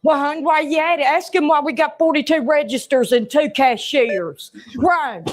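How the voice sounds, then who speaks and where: A woman acts out a gossiping Southern store greeter with a high, bright voice and a thick Southern US drawl. She tosses out blunt remarks in a chatty comedy sketch. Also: normal speed, close to an everyday voice. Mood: sassy.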